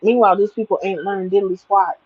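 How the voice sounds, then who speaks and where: A woman's voice: medium pitch, fairly even intonation, brisk, slightly rough, no echo. A woman tarot reader giving a spiritual livestream reading, talking in an emphatic, preachy, plain-spoken way, over dull lo-fi audio.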